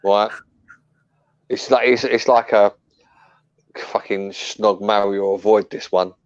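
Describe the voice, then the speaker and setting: A man with a low, gravelly voice trades blunt opinions and sweary banter on a football podcast. His audio is dull and muffled, like a lo-fi remote line. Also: steady tone, slow. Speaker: podcast co-host. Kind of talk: casual football podcast chat.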